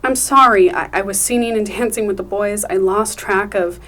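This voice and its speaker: A woman's voice: medium pitch, moderate pace, fairly bright tone, natural voice. A woman reading the part of a young mother in her mid-twenties, tender and pleading.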